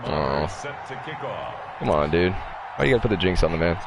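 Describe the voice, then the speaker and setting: A man chatting while playing a football game, excitable and swearing, often laughing. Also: deep voice, a little slow, crowd noise. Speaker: gamer. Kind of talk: casual gaming chat. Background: game music.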